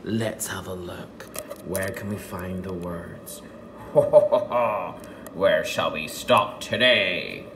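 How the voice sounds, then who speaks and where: A man teaching a children's phonics lesson from home, sounding out words slowly and playfully. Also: sits low. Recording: faint dishwasher hum at home.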